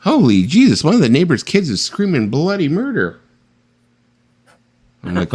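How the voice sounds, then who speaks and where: A man's voice: on the high side, moderate pace, slightly rough. A man hosting a casual late-night live-stream chat who jokes around and laughs a lot. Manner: joking, laughs often, animated. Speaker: host.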